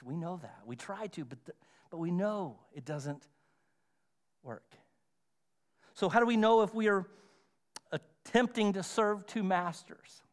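A pastor with a fairly high voice for a man preaches to his congregation. He talks conversationally, slows down and pauses for emphasis, and hammers his main points home by repeating them. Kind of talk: sermon. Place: church sanctuary.

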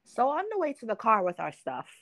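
A woman's voice: fairly high pitch, wildly swooping pitch, a little fast, a bit bright, dry recording. A young adult woman hosting a podcast, telling a story in casual chat and acting out the quotes, laughing often. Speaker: podcast host.

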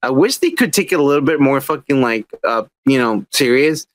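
A man's voice: mid-range voice, animated, brisk, no echo. Give me a man co-hosting a podcast, profane and complaining, in a dry recording. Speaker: podcast co-host. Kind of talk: casual chat.

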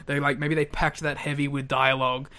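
A man's voice: mid-range voice, flat delivery, fairly quick, bright, forceful tone. A man co-hosting a podcast in casual chat, laid-back with short, easygoing answers. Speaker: podcast co-host.

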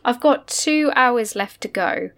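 A woman's voice: fairly high pitch, takes it slowly. Chatty woman podcaster. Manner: chatty, animated storytelling with frequent laughs. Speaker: podcast co-host. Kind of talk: casual chat.

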